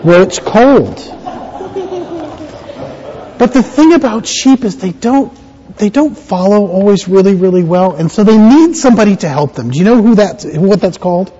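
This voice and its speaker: A man's voice: sits high, lively intonation, moderate pace, warm tone, dull audio, a little hiss or hum. Playful guy pastor doing a kids sermon in church, voice jumps all over the place. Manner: playful, talks to children with questions. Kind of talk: children's sermon.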